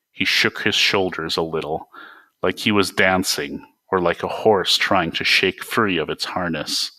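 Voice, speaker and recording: A man's voice: low voice, fairly even intonation, unhurried, pushed and bright, dry recording. A man reading his own novel aloud in a dry, wry first-person voice.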